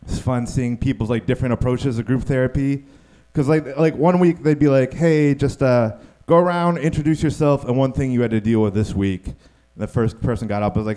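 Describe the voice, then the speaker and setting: A man performing a stand-up comedy set, telling stories and acting out the people in them, sometimes yelling. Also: medium pitch, a little fast. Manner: animated, acts out quotes in yelling voices.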